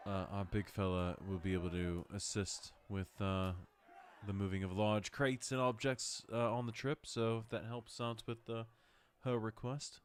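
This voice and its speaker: Polite, low-voiced male player. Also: flat delivery, normal speed, clean tone. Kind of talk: casual tabletop play.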